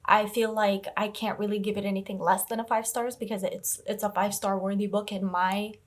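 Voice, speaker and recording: A woman's voice: medium pitch, level tone, brisk. A young woman vlogging about her reading, talking casually and emotionally, exclaiming and gushing, a bit teary. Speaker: book vlogger. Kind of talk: casual reading vlog chat.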